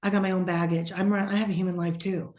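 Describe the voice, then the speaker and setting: A middle-aged woman from the eastern United States, a psychic medium who talks bluntly and sassily and drops into hushed whispers when quoting others. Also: lowish voice, level tone, quick pace, reverberant. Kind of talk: casual podcast conversation.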